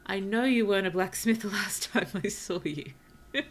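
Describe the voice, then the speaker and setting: A woman streamer chatting casually through a cozy game, talking to her villagers and often dropping to soft whispers. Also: medium pitch, normal speed, few pauses, a little hiss or hum. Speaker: VTuber streamer. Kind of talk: casual gameplay commentary.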